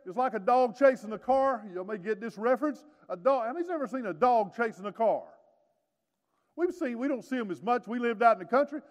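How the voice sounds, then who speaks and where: A man in his sixties preaching a sermon, swinging from hushed lows to loud emphatic peaks, with folksy joking asides. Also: lo-fi sound. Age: 60s. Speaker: pastor. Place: church sanctuary. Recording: long reverb of a church hall.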